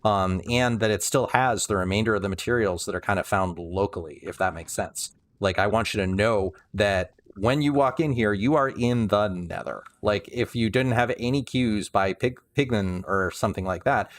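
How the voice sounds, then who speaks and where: A man's voice: fairly low pitch, moderate pace, hardly any pauses. A man livestreaming a building game, rambling casually with many restarts and some dry sarcasm.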